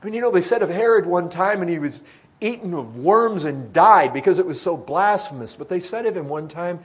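Husky-voiced man preaching a sermon. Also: high voice, expressive, a little fast. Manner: earnest, swells loud then drops hushed.

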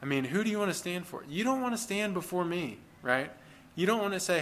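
A man's voice: high-pitched, expressive, a little fast, hardly any pauses, fairly bright tone. A man preaching a sermon as pastor, speaking in an earnest, plain-spoken conversational way and putting rhetorical questions to the congregation.

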